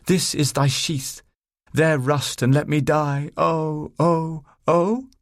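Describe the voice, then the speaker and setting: A man's voice: fairly high pitch, fairly even intonation, slow, no echo, studio quality, pitched above the performer's own voice. A man voicing a bold, forthright young woman who acts in amateur theatre. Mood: theatrical.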